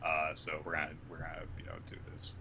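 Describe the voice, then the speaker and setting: A man casually recapping a manga chapter, retelling scenes and acting out the characters' lines in an animated way. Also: very deep voice, quick pace, creaky, slight background noise. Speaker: podcast co-host.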